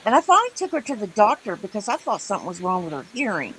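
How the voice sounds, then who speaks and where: A woman's voice: mid-range voice, sing-song, rapid-fire, a bit bright, a little hiss or hum, low-quality recording. A middle-aged woman telling stories in a casual chat with friends, emphatic and talkative. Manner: chatty storyteller, emphatic. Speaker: co-host.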